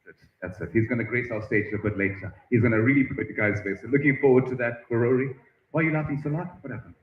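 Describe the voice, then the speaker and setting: A man hosting at a festival tent, chatting with and teasing visitors in a lively way. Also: medium pitch, fast. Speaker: event host interviewing visitors. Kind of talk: roving live-stream banter. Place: busy outdoor festival tent. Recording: echoey, muffled stream audio with crowd noise.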